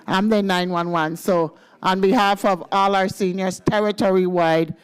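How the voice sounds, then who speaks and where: A woman's voice: mid-range voice, fairly even intonation, normal speed, clean tone. Upbeat Virgin Islands woman speaking. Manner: upbeat, playful, leads chants. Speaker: government senior services official. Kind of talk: speech at a legislative ceremony.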